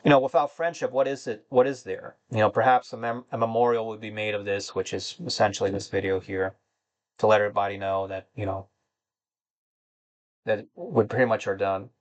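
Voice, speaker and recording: A man's voice: on the low side, steady tone, fairly quick. A man hosting a gaming channel, talking to his viewers in a rambling, somber and disappointed way, with many fillers and restarts. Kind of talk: casual monologue to viewers.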